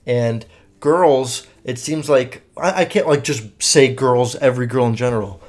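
A man's voice: medium pitch, unhurried. A young man hosting a solo podcast, chatting casually and rambling with lots of fillers and swearing. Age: young adult. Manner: rambling and profane, many fillers. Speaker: podcast host.

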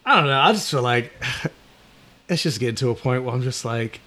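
A man's voice: mid-range voice, expressive, normal speed, pushed and bright. A young man co-hosting a casual chat, laid-back and trailing off, sometimes reading news items aloud. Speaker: podcast co-host.

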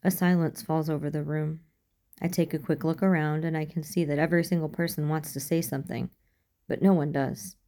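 A woman reading a first-person fan fiction story aloud as an audiobook, in a calm and even storytelling manner. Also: sits low, fairly quick. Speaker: audiobook reader.

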